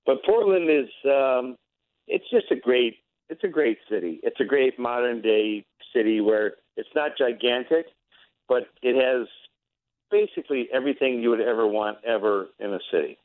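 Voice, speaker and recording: A man's voice: mid-range voice, expressive, moderate pace. A man from Oregon giving a casual interview, talking in an emphatic, enthusiastic way. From Oregon, USA. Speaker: interview guest. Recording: tinny phone line, dry.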